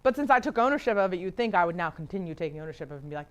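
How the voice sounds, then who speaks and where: Woman, Bible study leader, casual teaching, slightly low voice, laughs a lot, chatty, acts out quotes. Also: lively intonation, racing. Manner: chatty, laughs often, lots of filler "like"; acts out quoted people in talk.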